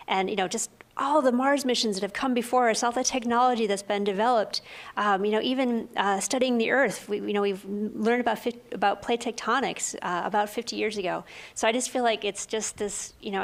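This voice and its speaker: A woman's voice: medium pitch, gravelly. A middle-aged woman scientist speaking at a press briefing, earnest and hesitant with frequent fillers. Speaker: planetary scientist on a panel.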